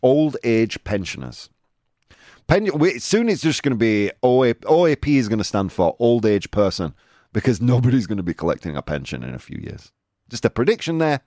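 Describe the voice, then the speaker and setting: A man's voice: medium pitch, sing-song, normal speed, a little mellow, no room sound, clean studio sound. A man from the United Kingdom hosting a casual live-stream chat, reading viewer comments with a sarcastic, laughing manner. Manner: sarcastic, laughs at own jokes, chatty. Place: room with air conditioner running.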